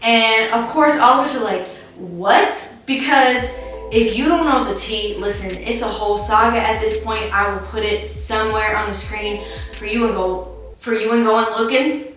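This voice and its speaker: A woman hosts her podcast in casual reaction commentary, chatty and full of teasing, sarcastic asides. Her voice sits a bit high and bright. She sounds set back from the mic in a very echoey room, with faint music underneath. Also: fairly even intonation, moderate pace. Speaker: podcast host.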